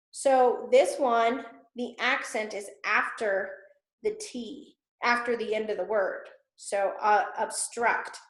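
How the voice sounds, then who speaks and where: A woman teacher with a slightly high voice walks students through an exercise patiently, step by step, pausing often to check in. She is recorded in an echoey room. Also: fairly bright tone. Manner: patient, step-by-step explaining with frequent "okay?" checks. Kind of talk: classroom instruction recorded for students.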